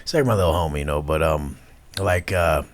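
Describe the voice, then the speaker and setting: A man's voice: a bass voice, brisk. A man in his thirties, a podcast guest talking bluntly and intensely, swearing often. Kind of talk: casual chat.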